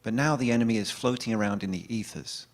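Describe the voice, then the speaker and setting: A man's voice: lowish voice, fast talker, natural voice. A man in his forties voicing a stern male intelligence chief, only half doing the accent. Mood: grave. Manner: half-hearted imitation of an accent.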